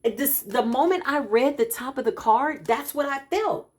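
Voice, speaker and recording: A woman, a spiritual practitioner speaking to her followers in an animated, emphatic, preacher-like way. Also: high voice, normal speed. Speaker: spiritual practitioner giving a card reading.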